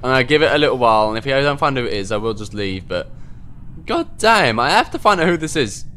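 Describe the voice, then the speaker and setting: Excitable man, lively bright voice. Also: medium pitch, a little hiss or hum. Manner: excitable, quickly worked up, swears at players. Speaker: gaming video host. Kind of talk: live gameplay commentary.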